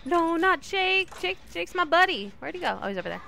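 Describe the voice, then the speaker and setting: Bright-voiced woman chatting over a game. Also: very high voice, normal speed, gravelly. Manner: chatty, talks to teammates and the killer, sudden excited yelps. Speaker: gaming streamer. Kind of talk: casual gameplay commentary.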